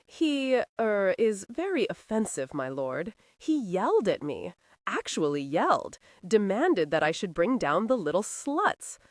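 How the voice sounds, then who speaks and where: A woman's voice: mid-range voice, sing-song, unhurried, no echo, studio quality. A woman voicing a fussy, very old male housekeeper who speaks in a prim, reproachful, formal way in an audiobook.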